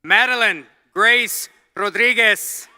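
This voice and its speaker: A man reading graduates' full names one by one in a slow, deliberate, formal way as the commencement announcer. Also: sits high, bright, forceful tone, some chatter behind, a little hiss or hum. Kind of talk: formal name reading over PA. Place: large hall at a graduation ceremony. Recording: long hall reverb from a PA.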